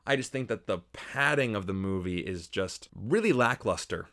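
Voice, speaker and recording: A man in his late twenties giving an animated, opinionated movie review, often mimicking characters in mocking voices. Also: fairly low pitch, normal speed. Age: 20s. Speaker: film critic.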